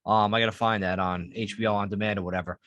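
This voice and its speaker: A man co-hosting a podcast, talking in casual chat and telling stories with heavy swearing and animated energy. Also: fairly low pitch, fast, no room sound, muffled recording. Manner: profane, animated storytelling. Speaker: podcast co-host.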